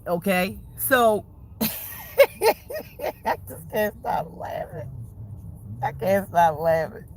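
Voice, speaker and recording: Livestream host, unhurried, giggly rambling rant, faint room ambience. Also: medium pitch, a bit bright, a little hiss or hum. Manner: rambling, laughing often, slangy and profane. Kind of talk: casual livestream chat. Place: waiting for a food order.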